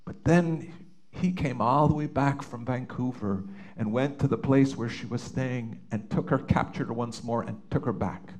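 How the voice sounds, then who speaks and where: A middle-aged man from Canada speaks at a mid pitch, telling a personal story in an earnest, heartfelt way. He pauses and restarts often, as if reliving the moments. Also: a little mellow. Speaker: father telling his story. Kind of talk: personal testimony.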